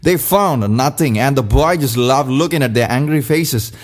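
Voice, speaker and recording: A man narrating a children's fable in a steady, expressive storybook reading. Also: medium pitch, moderate pace.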